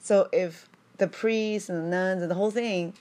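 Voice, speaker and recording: A woman's voice: mid-range voice, steady tone, normal speed, a little mellow. A woman reading a religious text aloud at home, breaking off into chatty, digressive asides and asking "right?" again and again.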